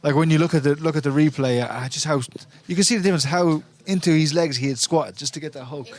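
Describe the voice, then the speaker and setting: A man's voice: fairly high pitch, fast talker. A man appearing as a guest and former boxing champion, analysing a fight thoughtfully. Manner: thoughtful, with frequent "you know" fillers. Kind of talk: casual analysis.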